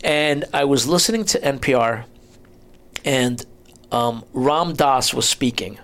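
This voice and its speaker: A man's voice: mid-range voice, takes it slowly, fairly bright tone. A middle-aged man from New Jersey, a podcast guest, telling a rambling story full of restarts and quoted asides. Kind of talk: casual storytelling chat.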